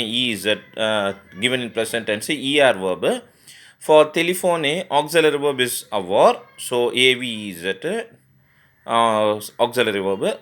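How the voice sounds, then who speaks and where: A man's voice: mid-range voice, fairly bright tone. Man teaching grammar, spelling words aloud. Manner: spells words letter by letter, frequent fillers and restarts. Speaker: French teacher. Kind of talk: grammar lesson explanation.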